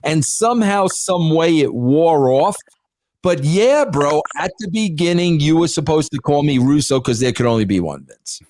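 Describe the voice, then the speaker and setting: A man's voice: on the high side, expressive, moderate pace, a little mellow. A man as an interview guest, talking emphatically in casual speech and calling everyone "bro". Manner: emphatic, says "bro" constantly.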